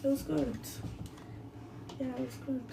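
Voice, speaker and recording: A woman's voice: high voice, steady tone, unhurried, creaky, background noise. A young woman, giving brief casual replies off-mic. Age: 20s.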